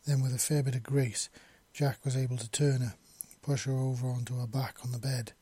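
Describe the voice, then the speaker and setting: A man's voice: medium pitch, level tone, fairly quick, mellow, slightly rough, no echo. A man reading a romance story aloud, with small slips and restarts. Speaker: narrator. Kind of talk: amateur fiction reading.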